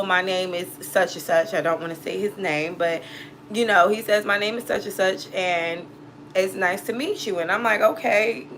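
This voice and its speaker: A New woman tells a personal story in an unpolished, profane vlog voice. She sits in a middle pitch for a woman and jumps into quoted back-and-forth dialogue. A faint room ambience hangs behind her. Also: a bit bright, slight background noise, low-quality recording. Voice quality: blunt and profane, acts out both sides of dialogue. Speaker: tarot reader and channel host.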